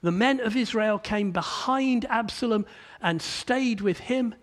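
A man preaching a sermon, animated, climbing to emphatic peaks and then dropping low and quiet, often repeating words as he starts a sentence. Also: unhurried.

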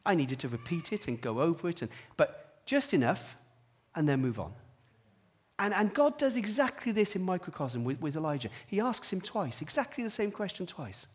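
A man delivers a sermon drawn from his own life, with a voice sitting somewhat high for a man. He drops to quiet, hushed stretches and then climbs to strong, emphatic peaks. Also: big pitch swings, moderate pace, husky. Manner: personal storytelling, swings from quiet to emphatic. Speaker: preacher.

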